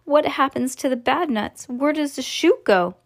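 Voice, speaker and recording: Brief: woman putting on a shrill, panicky storybook mother, high and loud. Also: expressive, extremely slow, breathy edge, exaggerated voice. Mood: frantic. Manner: shrill, frantic. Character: shrieking panicked rich mother.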